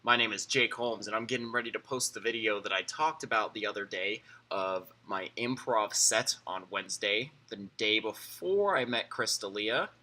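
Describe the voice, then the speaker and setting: Bright-voiced young man vlogging. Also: fairly low pitch, rough recording. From Arizona, USA. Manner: chatty, rambling, quick asides. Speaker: video uploader. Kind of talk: casual vlog introduction.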